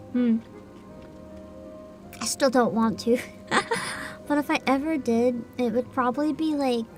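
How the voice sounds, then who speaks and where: A woman livestreamer chatting casually with her viewers while she eats, laughing often and describing herself as loud. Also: sits high. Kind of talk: casual chat while eating.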